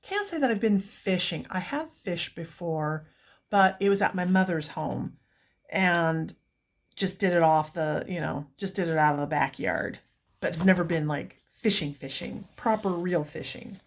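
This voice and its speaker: Woman, unhurried, chatty, gushing, rambling asides. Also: lowish voice, expressive. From United States. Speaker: coloring book reviewer. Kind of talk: chatty book flip-through.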